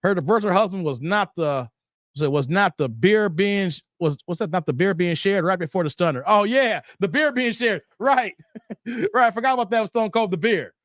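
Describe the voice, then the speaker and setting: Male stream host, high voice, dry close sound, animated reactions to chat, frequent laughter. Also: normal speed, no room sound. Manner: laughs often, animated, riffs on chat comments.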